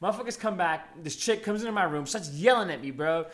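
A young man spins an animated, slang-heavy story in casual chat. His voice sits high and swoops all over, bright and fast. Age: 20s.

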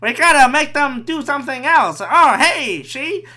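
A man's voice: very high voice, expressive, measured pace, bright, forceful tone, pitched above the performer's own voice, full character voice. A man doing a scheming old-timey bigot. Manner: scheming, ends lines with "see?".

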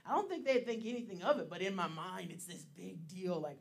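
A man's voice: sits high, moderate pace, creaky, a bit bright. A man giving a casual sermon as pastor, chatty and laughing often, with plenty of fillers.

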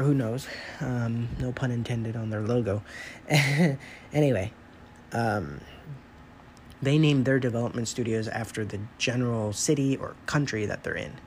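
Man, mellow voice, rambling casual gaming monologue, faint hiss behind. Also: mid-range voice, poor audio. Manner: rambling, conversational, frequent fillers and restarts. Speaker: gaming commentary host.

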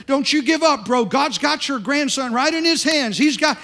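A man acting out a half-drunk, emotional man who loudly and insistently pleads with someone not to give up. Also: extremely high pitch, normal speed, voice pushed up, exaggerated voice. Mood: insistent pleading. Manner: loud, pleading, repetitive.

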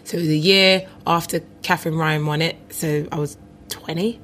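A woman's voice: low voice, fairly even intonation, normal speed, a bit bright, slight background noise. A woman in her late twenties, a comedian guest in an interview, talking playfully and boasting about herself in jest. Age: 20s. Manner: playful, boastful self-mockery. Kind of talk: casual interview chat.

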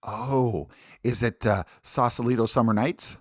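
A man's voice: mid-range voice, unhurried, no echo, clean studio sound. A man co-hosting a podcast in casual chat, easygoing and hesitant, with fillers. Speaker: podcast co-host.

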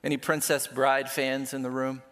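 A man's voice: medium pitch, completely flat delivery, normal speed, a bit bright, in a large hall. A man preaching a sermon as pastor, conversational and self-deprecating, with playful asides to the congregation.

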